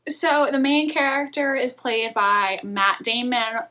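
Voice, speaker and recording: Candid female reviewer, casual vlog delivery, slightly high, bright tone. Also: slow pace. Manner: chatty and candid, laughs often. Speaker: book and film reviewer.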